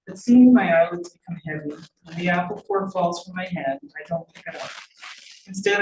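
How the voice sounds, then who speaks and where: A woman, the author, reading her novel aloud in a measured storytelling manner. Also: on the low side. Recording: roomy, distant mic, faint noise.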